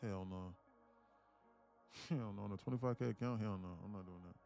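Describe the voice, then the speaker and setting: A man with a low, gravelly voice runs a live trading stream in a loose, chatty way. He laughs easily and stumbles over repeated words as he thinks aloud. Faint music plays underneath. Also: a little fast, mellow. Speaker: day-trading livestream host. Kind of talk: casual live-stream chat.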